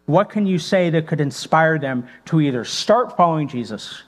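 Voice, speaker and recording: Male pastor, slightly higher voice, relaxed teaching talk full of rhetorical questions, long hall reverb with mains hum. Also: normal speed. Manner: thinks aloud, rhetorical questions, frequent fillers.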